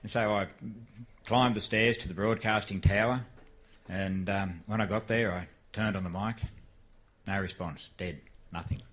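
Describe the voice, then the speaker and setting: Older Aussie storyteller, bright-voiced, relaxed folksy delivery on stage. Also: male voice, lowish voice, unhurried. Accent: Australian. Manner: folksy, shifts into a frantic shouted race call. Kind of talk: live storytelling to an audience. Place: live venue before an audience.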